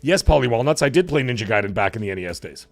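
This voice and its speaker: A man with a hoarse, cracking voice hosting a live stream, chatting casually and rambling with fillers as he thanks viewers. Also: medium pitch, expressive, very fast, soft background music. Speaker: livestream show host.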